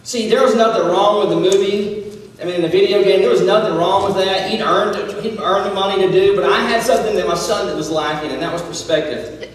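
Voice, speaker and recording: A man in his thirties addresses a young audience in a casual, joking storytelling style, with a fairly high pitch for a man. He teases himself and slips into the voices of people in his story. He is heard from a distance in a large, echoey hall with a long reverb and faint noise behind. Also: a little fast. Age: 30s. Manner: self-deprecating humor, acts out dialogue. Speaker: speaker addressing high school students. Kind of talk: casual storytelling talk with a life lesson.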